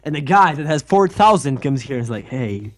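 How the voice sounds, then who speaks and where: A man's voice: fairly high pitch, lively intonation, quick pace, soft background music. A young man chatting while gaming, making crude jokes and dramatic complaints. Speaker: co-player. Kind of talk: casual gaming chat.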